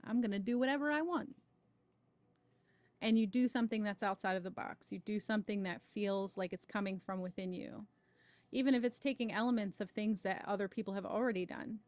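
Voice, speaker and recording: A woman's voice: mid-range voice, fairly even intonation, brisk, dry recording. A woman hosting a spiritual livestream, talking casually about creativity and greeting viewers by name before a tarot reading. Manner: chatty, greets viewers warmly by name, many "right?" asides.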